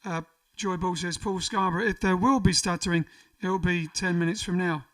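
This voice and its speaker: A man's voice: high-pitched, fairly even intonation, moderate pace, a bit bright, recorded from a distance. A man hosting a casual livestream, reading out viewer comments in a jokey, rambling way. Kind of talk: casual chat. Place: home during lockdown.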